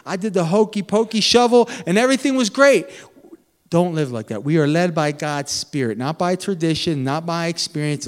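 A man preaching a sermon in a lively, animated way, swinging between loud emphatic bursts and quiet asides. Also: a little high. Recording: long hall reverb.

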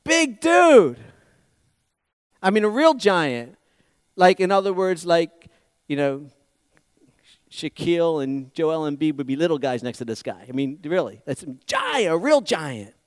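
A male preacher telling a story in a casual, slangy, animated way. His voice is high, and the sound is dry and close. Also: moderate pace, no room sound. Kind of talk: sermon storytelling.

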